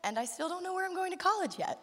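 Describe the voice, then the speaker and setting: A woman's voice: very high voice, expressive, fast talker, fairly bright tone. Chatty teenage girl with lots of "like". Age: late teens. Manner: chatty, fills with "like". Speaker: high school senior on a panel. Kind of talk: chatty storytelling. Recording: echoey hall.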